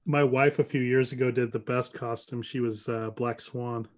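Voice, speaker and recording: A man's voice: medium pitch, fairly even intonation, normal speed. A man on a video call as a guest artist, friendly and chiming in with short asides. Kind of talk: casual group chat on a video call.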